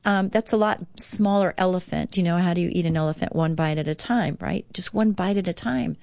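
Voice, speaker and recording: A woman hosting a devotional radio talk show, speaking earnestly and slowly reading passages. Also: lowish voice, creaky, a little mellow, no room sound.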